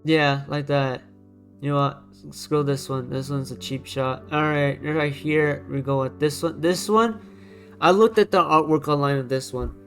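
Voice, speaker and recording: A man's voice: a little high, fairly even intonation, a little slow, fairly bright tone, soft background music. Blunt, muttering man ranking designs. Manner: blunt, repetitive, thinks aloud while dragging items; keeps his voice down to avoid overloading the mic. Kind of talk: casual screen-recorded commentary. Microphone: desk microphone.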